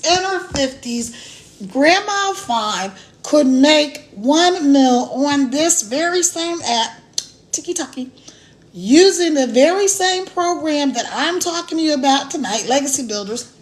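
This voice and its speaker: A chatty, animated woman with a high voice talks straight into her phone during a casual livestream. She laughs easily and keeps the energy up as she speaks to her viewers. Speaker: online business promoter. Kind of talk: casual live-stream chat.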